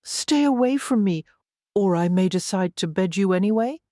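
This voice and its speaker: A narrator voicing a proud, surly young gentleman in an audiobook, speaking gruffly and acidly. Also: mid-range voice, lively intonation, moderate pace, no room sound, clean studio sound, close to an everyday voice. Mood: growling. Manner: gruff, acid, frustrated. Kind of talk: audiobook character voice.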